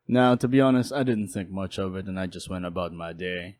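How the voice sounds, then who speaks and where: A young man casually telling a personal story in a lively, jokey way, with quick asides. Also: low-pitched, no room sound. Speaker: storytelling YouTuber.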